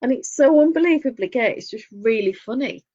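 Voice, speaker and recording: A woman's voice: fairly high pitch, animated, brisk, dark tone, breathy edge. A woman with a Northern English accent, co-hosting a casual podcast chat, telling stories and laughing often. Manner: chatty storyteller, laughs often. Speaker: podcast co-host. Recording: dull lo-fi sound.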